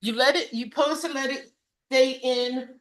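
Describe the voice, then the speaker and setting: A woman guest casually demonstrating a recipe and telling her story, halting and correcting herself often. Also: high-pitched, steady tone, fairly bright tone. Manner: halting, self-correcting, many fillers.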